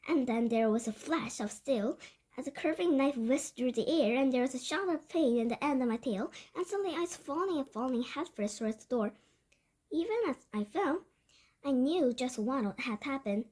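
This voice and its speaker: High-voiced woman reading a storybook aloud. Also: moderate pace. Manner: lively storytelling with small slips and restarts. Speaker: book reader. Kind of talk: reading a children's novel aloud.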